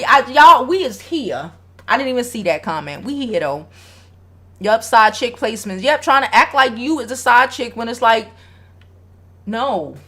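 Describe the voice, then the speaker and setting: A woman's voice: high voice, pushed and bright. A woman hosting a casual advice livestream, speaking bluntly with a lot of swearing and reading viewer comments aloud. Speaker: relationship advice host.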